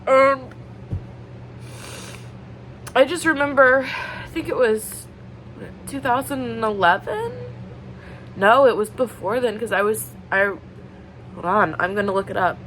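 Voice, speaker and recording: Slow, rambling woman book vlogger. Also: fairly high pitch, fairly bright tone, slight background noise, low-quality recording. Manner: rambling, filler-heavy, with many likes and ums; earnest and openly emotional. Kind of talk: casual vlog chat.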